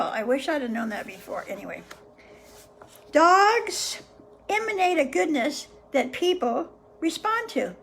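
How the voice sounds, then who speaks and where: A woman hosting a session where she reads a book aloud to viewers, pausing often in a gentle, unhurried way to muse on the passages. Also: sits high, gravelly. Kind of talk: reading aloud with casual reflections.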